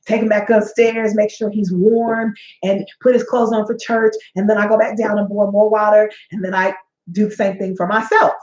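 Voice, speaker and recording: A woman's voice: medium pitch, a little mellow. A woman in her forties, a life coach and host, giving a preachy motivational talk that is full of stories. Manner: sassy, preachy, tells stories with acted-out quotes. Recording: echoey, dull-sounding room.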